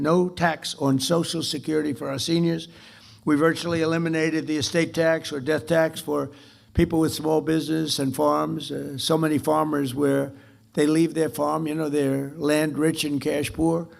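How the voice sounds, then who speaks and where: Gravelly man rambling through a speech. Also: a little high. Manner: rambling, repetitive, boastful. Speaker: dinner speaker. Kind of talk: off-the-cuff political speech. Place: club dinner event.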